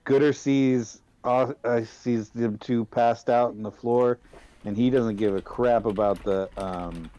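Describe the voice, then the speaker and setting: A man playing a tabletop game, slowly narrating his character's actions. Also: mid-range voice, steady tone, warm tone, dull audio. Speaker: player. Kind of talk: casual tabletop play.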